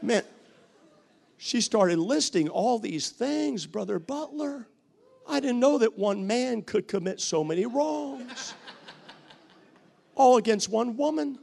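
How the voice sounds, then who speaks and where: Male preacher, sermon, repeats phrases, gravelly, lively swings in pitch. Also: slow, pauses often. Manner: animated, bantering with the congregation, sometimes shouting; repeats key phrases for emphasis.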